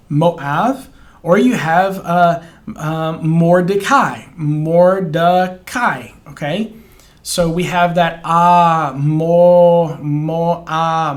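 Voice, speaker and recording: A man teaching Biblical Hebrew pronunciation in a casual spoken lesson, stretching out words slowly to model them and checking in with "okay?" after each. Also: high voice. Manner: encouraging, informal, restarts and fillers.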